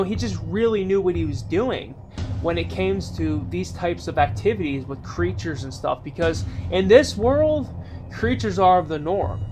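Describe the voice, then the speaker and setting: A man telling a spooky story in a casual, rambling way, full of filler phrases. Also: high voice. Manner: rambling, many "you know" fillers.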